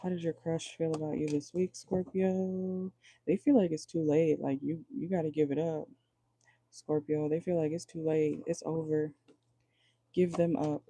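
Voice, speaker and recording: A man's voice: on the high side, level tone, normal speed, warm tone. A man doing a casual livestream tarot reading, chatty and joking, talking straight to his viewers and swearing freely. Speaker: tarot reader.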